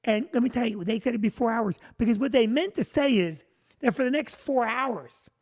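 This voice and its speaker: A male comedian telling a long comic story, animated and breaking into shouted punchlines. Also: very high voice, a little fast.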